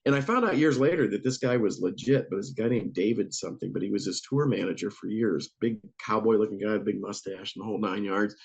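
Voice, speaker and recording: Speaking fast with few pauses, this middle-aged musician guest from Northeast Ohio has a lowish, gravelly voice with a breathy edge. His casual storytelling is animated, full of acted quotes and frequent laughs.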